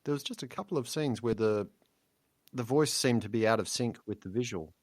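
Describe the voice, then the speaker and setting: A man with a mid-range voice talks casually about a film, hedging and filling pauses. The sound is dry and close. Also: medium pitch, no room sound. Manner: tentative, filler-heavy phrasing. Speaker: podcast co-host.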